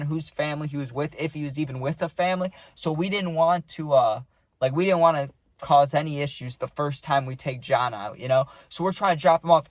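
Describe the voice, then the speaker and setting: A man's voice: on the high side, no room sound. A young man casually telling a rambling party story, full of slang and saying "dude" a lot.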